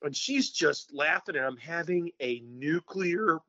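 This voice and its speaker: A man telling a story as a podcast guest, excitable and loudly acting out the lines he quotes. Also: a little high, measured pace, no room sound, dull audio. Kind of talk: animated storytelling in casual chat.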